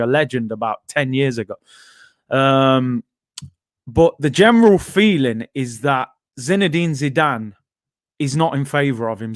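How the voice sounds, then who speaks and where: In studio quality with no room sound, an English man with a mid-range voice chats loosely on a casual football live stream, full of fillers and side remarks as he reads viewer comments.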